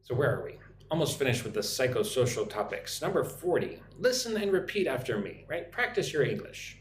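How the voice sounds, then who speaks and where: A young American man teaching English on a live stream, chatting with viewers and repeating phrases slowly for practice. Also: medium pitch, big pitch swings. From United States. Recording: echoey room with faint noise.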